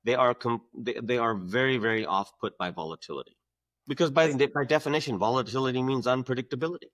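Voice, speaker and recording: A man's voice: mid-range voice, fast, a bit bright, no room sound. A man joining a casual podcast chat by video call from his office, hesitant and repeating words before making a point. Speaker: podcast guest. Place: home office.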